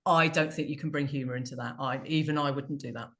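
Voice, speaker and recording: A woman's voice: a bass voice, steady tone, fast, a bit bright. A British woman co-hosting a casual video call, rambling and laughing at herself as she tells stories. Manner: rambling, self-mocking, laughs often. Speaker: co-host. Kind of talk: casual chat.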